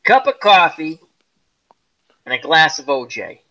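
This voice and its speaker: A middle-aged man spinning stories in a casual online chat, his voice very bright and ringing, with lively swings in pitch. He talks animatedly and acts out the people he quotes. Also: a little slow, low-quality recording. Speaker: host. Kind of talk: casual group chat, storytelling.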